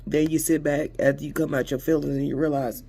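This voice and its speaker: A man vents about his spiritual journey in a reflective, repetitive way. His voice is gravelly and dark. A faint hiss of noise sits behind him. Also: on the high side, level tone, fast. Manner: reflective, repetitive, street-slang religious talk. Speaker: vlogger. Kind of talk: emotional spiritual venting monologue.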